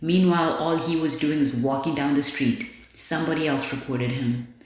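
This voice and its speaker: Recorded in a very echoey room, a woman podcaster delivers candid, profane, blunt commentary in a casual monologue. Her voice sits low, a little mellow, at a normal speed.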